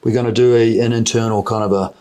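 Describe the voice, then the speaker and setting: A man's voice: mid-range voice, flat delivery, quick pace, warm tone. A man with a New Zealand accent, a mining company chief executive, explaining plans in an investor interview, often repeating words as he restarts.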